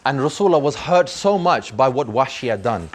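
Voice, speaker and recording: A man's voice: mid-range voice, animated, a little fast, a little hiss or hum. A man telling a story to children in an earnest, emphatic way, repeating words for effect.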